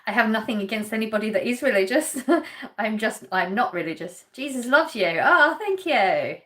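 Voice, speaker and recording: A woman's voice: on the high side, expressive, moderate pace, a bit bright. An English woman hosting a casual live stream, chatting and laughing as she reads viewer comments aloud. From England. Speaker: livestream host.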